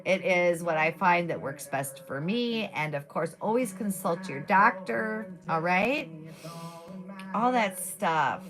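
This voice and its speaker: Sitting at a table at home, a woman speaks slowly and animatedly in a fairly low voice, with music in the background. She rambles casually on her live stream, using many fillers, her throat slightly scratchy, picked up by a device mic with no boom arm.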